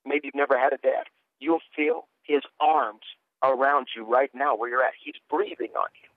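A man's voice: mid-range voice, fairly even intonation, normal speed, no echo. A male minister speaks with fervent conviction, his voice carried in earnest, preacher-like waves as he tells his story. The sound is thin and boxed in like a phone line, with a dry, close feel and no room around it. He presses on with heartfelt urgency. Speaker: minister and guest. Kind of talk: fervent testimony and prophetic ministry.

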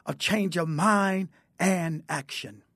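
High-voiced, fervent man preaching. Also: slow, fairly bright tone, husky, dry recording, studio quality. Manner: fervent, scripture-quoting preacher. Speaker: guest preacher. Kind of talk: preaching testimony.

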